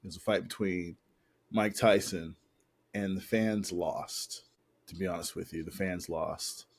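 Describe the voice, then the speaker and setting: Rambling low-voiced man in casual chat. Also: fairly even intonation, unhurried, breathy edge. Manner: rambling, slangy, repeats himself. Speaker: podcast co-host.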